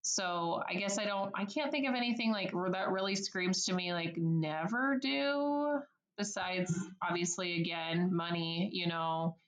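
A woman's voice: on the low side, measured pace, roomy sound, poor audio. A woman working as a service advisor, talking in a podcast interview in a bubbly, chatty way and laughing often. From United States.

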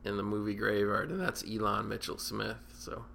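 Gravelly, bright-voiced male podcast host. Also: lowish voice, normal speed, slight background noise. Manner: rambling, profane, sarcastic. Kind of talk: casual podcast chat.

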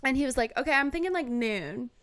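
A young woman in casual chat, telling a story with animated acted-out quotes. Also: high-pitched, fast talker, clear, resonant tone.

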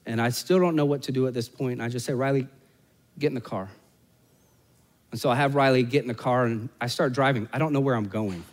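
A pastor in his forties delivers a sermon built around a family story, tossing joking asides to the congregation. His medium-pitched voice moves fast with few pauses, swinging from loud, emphatic peaks to hushed, soft stretches, all trailed by a long reverb.

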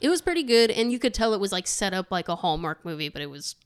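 Woman, podcast co-host, casual chat, joking, smooth voice. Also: mid-range voice, very animated, quick pace. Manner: joking, laughs often.

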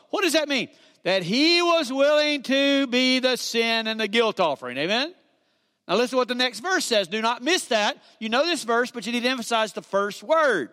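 A man preaching a sermon, calling for amens and dropping from loud to hushed. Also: very high voice, very animated, normal speed. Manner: preaching with call-and-response, dramatic swings from loud to hushed. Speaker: pastor. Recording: long reverb of a church hall.

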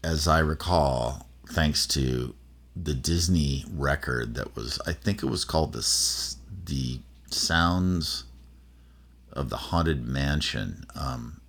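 Casting note: middle-aged man, very deep, slow, husky, halting fireside storytelling. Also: a bit bright. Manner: rambling, halting, many fillers and restarts. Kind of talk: personal storytelling.

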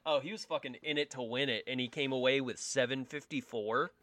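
A man's voice: mid-range voice, brisk, crowd noise. A young man co-hosting a casual podcast, joking and swearing freely, speaking into a podcast microphone. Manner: profane, joking, animated. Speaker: podcast co-host.

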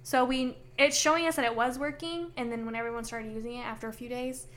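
A woman's voice: a little high, steady tone, quick pace, a bit bright. A woman co-hosting a podcast, adding short agreements and clarifications in casual chat. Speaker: podcast co-host. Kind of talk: casual book-club chat.

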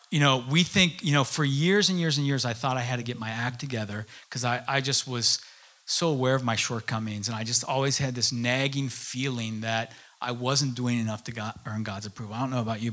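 A middle-aged man preaching, telling personal stories with halting restarts and asides. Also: medium pitch, a bit bright. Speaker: pastor. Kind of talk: sermon.

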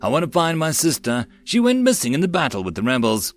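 A man's voice: a little high, huge pitch swings, fast, pitched above the performer's own voice. A man doing an earnest young male mage. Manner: earnest, slightly raised voice.

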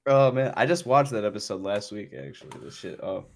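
A man's voice: on the low side, lively intonation, fairly quick, a little hiss or hum. A man co-hosting a podcast, trading crude jokes in casual banter and laughing often. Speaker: podcast co-host.

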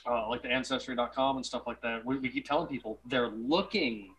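A man hosting a podcast, jumping in politely with halting, hesitant speech. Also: mid-range voice, fairly bright tone, slight background noise, low-quality recording. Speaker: podcast host. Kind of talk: casual podcast conversation.

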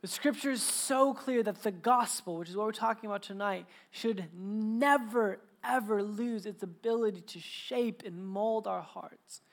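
In his thirties, a pastor preaches to a live congregation at a church service, telling family stories in a chatty, joking sermon full of restarts and laughter. His voice is high-pitched and a little slow, with hardly any pauses.

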